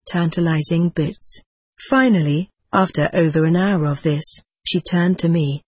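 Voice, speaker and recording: A narrator reading a first-person memoir aloud in a steady, unhurried audiobook style. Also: medium pitch, slightly rough, no room sound.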